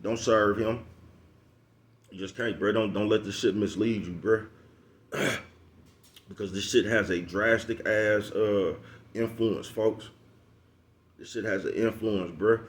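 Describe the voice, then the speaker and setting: Low-voiced man preaching blunt street advice. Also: fairly even intonation, takes it slowly, pauses often. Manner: profane, preachy, repeats "you know what I'm talking about"; slangy, calls listeners bruh and folks. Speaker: vlogger giving street advice. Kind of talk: casual advice monologue.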